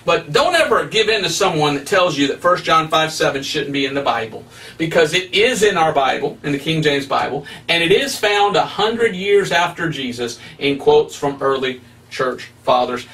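Male evangelist, fairly high voice, emphatic preacherly delivery, mic a little far off. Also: expressive, normal speed, fairly bright tone. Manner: emphatic, preacherly, with rising stresses. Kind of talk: preaching Bible study.

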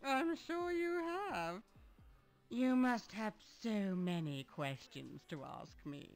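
An actress playing a sugary older woman in an adventure game, slow and theatrical. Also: mid-range voice, animated, faint music behind. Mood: sweet. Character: older woman, syrupy and overly sweet. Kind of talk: 1990s adventure game voice acting.

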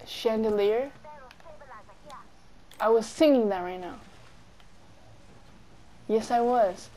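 A woman's voice: fairly high pitch, animated, slow pace, pauses often, warm tone, slight background noise. A young woman chatting casually with friends while playing a game, playful and giggly, breaking into silly sing-song bits. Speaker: gamer streaming with friends.

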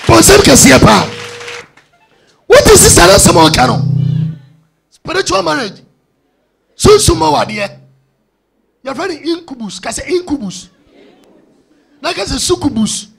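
A man's voice: extremely high pitch, big pitch swings, measured pace, creaky, long pauses, faint music behind. A man leading a church testimony session as pastor, exhorting, chanting and calling out to the congregation. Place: church service.

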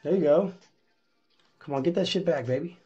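A man live-streaming his gambling, swinging between low muttered gloom and loud shouted hype, swearing constantly. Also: moderate pace, highs cut off, soft background music.

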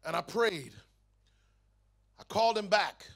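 A man giving his testimony at a youth camp meeting, telling the story in a lively way and acting out the dialogue. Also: sits high, a little slow, gravelly. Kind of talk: testimony sermon to a youth audience.

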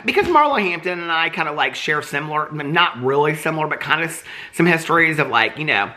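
Bright-voiced chatty man, gossipy and dramatic. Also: a little high, animated, brisk. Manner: chatty, dramatic, full of "like" and "okay". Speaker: TV commentary vlogger. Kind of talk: casual gossipy chat to camera.

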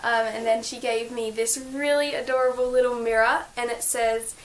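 A woman's voice: fairly high pitch, little pitch movement, normal speed, few pauses, a little hiss or hum, low-quality recording. A young woman vlogging from her bedroom, gushing and chatty with lots of fillers as she shows her birthday gifts. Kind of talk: casual birthday haul vlog.

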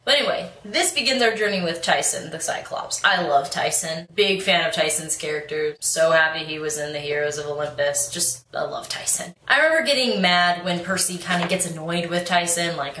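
A woman's voice: medium pitch, animated, normal speed, fairly bright tone, recorded from a distance, a little hiss or hum. A young woman chatting casually in a book review vlog, bubbly and rambling, with plenty of restarts and laughs. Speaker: book vlogger. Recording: echoey room, away from the mic.

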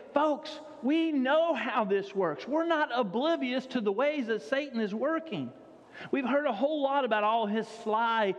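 A male pastor preaching a sermon in a church, emphatic and repeating his key phrases. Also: sits high. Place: church sanctuary. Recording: dull sound with long hall reverb.

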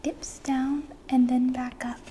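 A woman whispers in a whispered role-play as a patient teacher, slow and unhurried, close to the microphone. Her voice sits high and mellow. A faint hum of room ambience stays behind her. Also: flat delivery. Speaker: ASMR teacher. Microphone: close microphone, occasional bumps.

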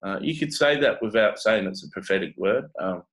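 A man with a New Zealand accent giving a halting, unscripted prophetic reading, full of pauses and fillers. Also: fairly low pitch, lively intonation, fairly bright tone, low-quality recording. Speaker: prophetic teacher.

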